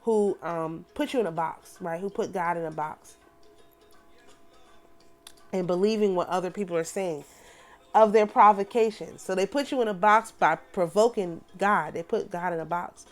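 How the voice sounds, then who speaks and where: A woman reading scripture aloud and breaking off to explain it in casual asides, slowing and rising for the chanted passages. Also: lowish voice, soft background music. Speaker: spiritual teacher.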